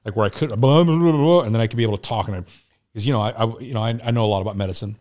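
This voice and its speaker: A middle-aged man, a podcast guest, candidly telling a story with frank, profane, animated retelling. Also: lowish voice, very fast. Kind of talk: casual storytelling.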